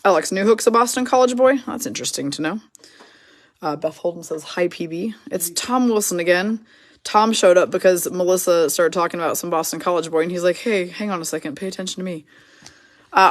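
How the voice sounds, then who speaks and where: A woman hosting a live card break, her voice a bit lower than most. She works through player names and teams in quick lists and chats with viewers between cards. The sound is dry and close, with no room echo.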